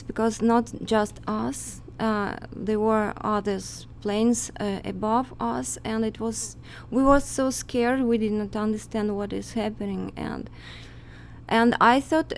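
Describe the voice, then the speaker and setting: A woman who is not a native English speaker, recounting a flight in halting English with many pauses, as a guest in a casual talk. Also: on the high side, steady tone, slight background noise. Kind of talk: casual chat.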